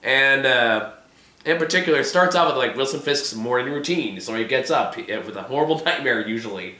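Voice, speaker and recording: A man's voice: mid-range voice, lively intonation, fairly quick, pushed and bright, roomy sound. A man whose voice is giving out, hosting a casual discussion of a TV episode with lots of fillers and swearing. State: hoarse, voice giving out. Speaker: vlog host.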